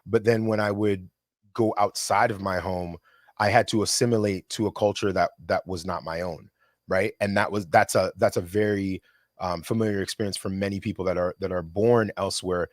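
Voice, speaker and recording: A man's voice: low voice, no room sound, clean studio sound. A young adult man, a filmmaker guest, talking reflectively and animatedly in a casual conversation. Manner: reflective, animated storyteller with quick impressions.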